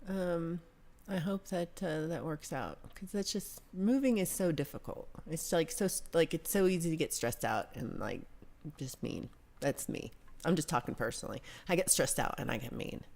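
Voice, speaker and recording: A woman's voice: low voice, a little mellow. An American woman hosting a livestream, chatting casually and reading viewer comments aloud in a rambling way, with casual swearing. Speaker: livestream host.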